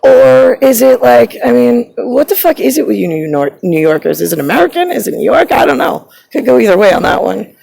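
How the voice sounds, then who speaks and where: A woman's voice: fairly high pitch, big pitch swings, fairly quick, vocal fry, hardly any pauses, warm tone, poor audio. A woman delivering a rambling, agitated personal rant, swearing and drifting from topic to topic.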